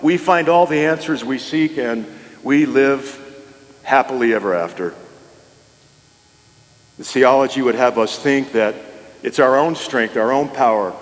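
A male pastor delivering a sermon in a church, with measured pauses and rising emphasis. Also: medium pitch. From New Mexico. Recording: long reverb of a hall.

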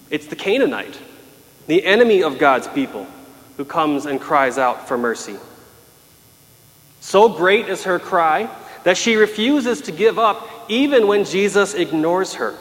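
A man's voice: fairly high pitch, fairly bright tone. Man preaching in a reverberant hall. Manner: emphatic, dramatic voicing of pleas. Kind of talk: sermon.

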